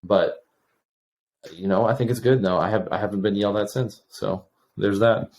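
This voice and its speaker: Lower-pitched man telling an animated story. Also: normal speed. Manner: animated, acts out quoted exchanges, many restarts. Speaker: podcast guest. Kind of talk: casual storytelling.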